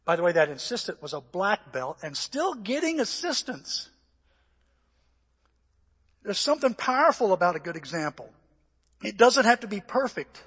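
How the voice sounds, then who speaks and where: An older man preaching a sermon, telling stories animatedly and acting out voices and shouts, sounding a little out of breath. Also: sits high, very animated, normal speed, slightly rough. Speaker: pastor. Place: church. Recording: echoey church hall.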